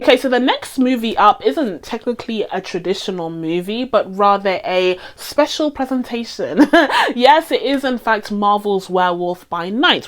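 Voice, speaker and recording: Animated British woman reviewing films. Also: medium pitch. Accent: British, received pronunciation. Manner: animated, laughs often, emphatic. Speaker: movie reviewer. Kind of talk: casual film review chat.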